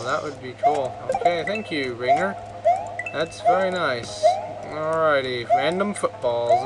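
Man, let's play commentator, sarcastic, rambling, somewhat high voice, game music behind. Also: low-quality recording. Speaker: gameplay commentator.

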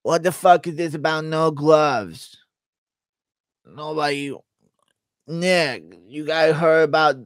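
A man's voice: a little high, fairly even intonation, takes it slowly, pauses often, no room sound. A man playing a brash, hard-nosed fighter who curses and refuses to back down. His tone is tough and combative, and the sound is dry and close. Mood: indignant. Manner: street-tough, cursing, defiant. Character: indignant brawling fighter man, tough and profane.

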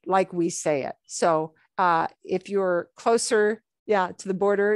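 A woman's voice: medium pitch, unhurried, few pauses, no echo, studio quality. A middle-aged woman teaching a Spanish class over a video call, chatty, slipping Spanish phrases into her English explanations. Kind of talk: online class lesson.

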